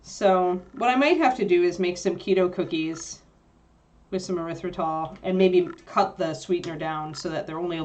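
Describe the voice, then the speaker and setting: Woman, lowish voice, casual livestream chat, rambling, filler-heavy, laughs easily. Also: a little mellow. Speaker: livestream co-host answering chat.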